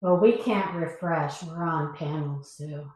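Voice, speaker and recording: A woman on a livestream panel over a video call, reacting with quick exclamations and questions. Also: sits low, a little mellow. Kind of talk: casual livestream chat. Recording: very echoey room.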